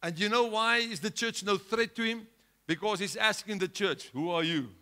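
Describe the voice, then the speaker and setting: A male pastor preaching a sermon with a South African accent, swinging between loud urgent exhortation and quiet, low asides. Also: moderate pace. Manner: impassioned preaching, rising loud then dropping low.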